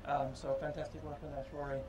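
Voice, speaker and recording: A man speaking at an unveiling, his voice sitting a little high. He talks informally and thoughtfully, pausing often and filling gaps with ums as he goes. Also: level tone, noisy background. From Ireland. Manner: halting and reflective, with many pauses and fillers. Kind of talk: informal public speech.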